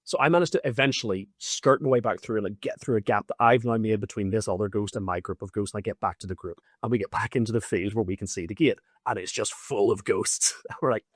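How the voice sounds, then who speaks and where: A man hosting a podcast, recounting events in an animated, casual way with lots of fillers and swearing. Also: fairly low pitch, dry recording, studio quality. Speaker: podcast host. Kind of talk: casual storytelling.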